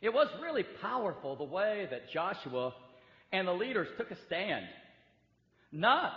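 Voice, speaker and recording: A man preaching a sermon in a large church hall, emphatic, acting out the voices of hurt believers. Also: sits high. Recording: echoey hall, dull lo-fi sound.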